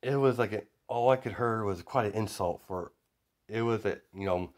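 Man casually retelling a fan story, rambling, deep voice. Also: normal speed. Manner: rambling, many fillers and restarts.

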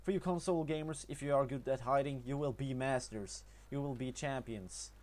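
A young man with a Norwegian accent talking over gameplay in a casual tutorial, halting often with fillers and restarts. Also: mid-range voice, darkish tone. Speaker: gaming tutorial narrator.

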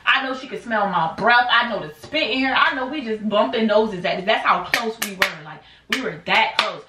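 Animated young woman telling a story. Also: moderate pace. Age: 20s. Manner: animated, acts out quotes in high bursts. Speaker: vlogger. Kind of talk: casual storytime. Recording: echoey room, mic at a distance.

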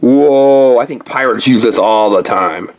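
A woman's voice: a bass voice, measured pace, darkish tone. A woman hosting a playful toy unboxing for children, chatting with a child helper and throwing in pirate growls.

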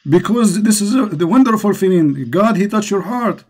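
A man's voice: high voice, animated, normal speed, darkish tone. A man with an Arabic accent, hosting a call-in religious show and preaching with passion. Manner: impassioned, preaching. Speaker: host.

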